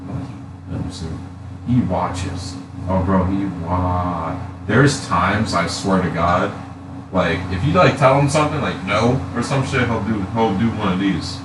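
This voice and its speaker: A man's voice: sits low, a little slow. A man in his twenties chatting casually on a live stream, telling stories with lots of swearing and laughter. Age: 20s. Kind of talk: casual chat. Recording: echoey room, far from mic, noisy.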